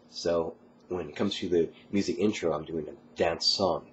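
A man's voice: low-pitched, fairly even intonation, moderate pace, slight background noise. A young man who has a cold, coughing now and then as he rambles casually late at night with many ums and uhs. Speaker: college student vlogger. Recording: slightly muffled recording.

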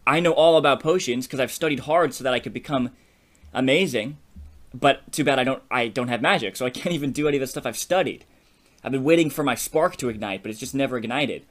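A man's voice: mid-range voice, fast talker, fairly bright tone, lightly acted. A man voicing a nerdy young male witch's son who speaks in a glum, complaining way.

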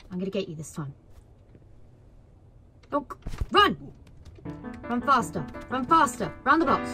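A woman commentating her own gameplay in an excitable way, cheering, shouting and laughing at the screen. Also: sits high. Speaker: gaming video creator. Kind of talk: let's play commentary.

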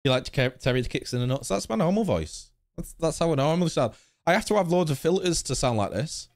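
A young man hosts a sim racing live stream, rambling casually and chatting with viewers. His voice is fairly high, with lively intonation and a fast pace.

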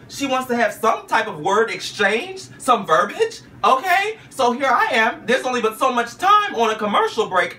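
Flamboyant male vlogger, very animated sassy storyteller, bright voice, sits a bit off-mic with faint hum. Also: distant mic. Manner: flamboyant, sassy, keeps adding "okay?" and "honey"; jumps into high squeals when quoting himself. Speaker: vlogger recounting a talk show visit.

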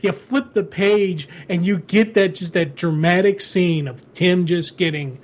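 High-voiced man on a comics podcast. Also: unhurried, hardly any pauses. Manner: emotional, animated retelling, laughs often. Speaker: podcast co-host. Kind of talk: casual podcast chat about comics.

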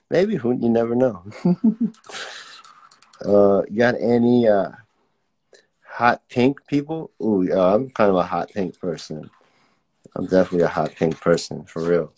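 A man's voice: fairly low pitch, darkish tone. Laid-back man teaching a drawing class. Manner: laid-back, chatty, reads out viewer comments. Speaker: art teacher. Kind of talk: casual live-streamed drawing class.

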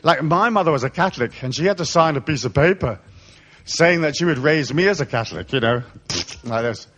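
A middle-aged man from England, raised in Africa, rants at a live talk with a lively, swooping voice that sits a little high. He swears freely, mocks as he goes and slips into comic voices. He speaks as a spiritual lecturer. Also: fairly quick. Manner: profane, mocking, comic rant with put-on voices.

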